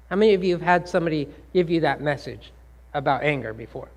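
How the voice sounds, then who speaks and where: A man with a slightly high, animated voice talks fast while giving a talk to a live audience. He keeps them engaged by asking questions and acting out the scolding things people say.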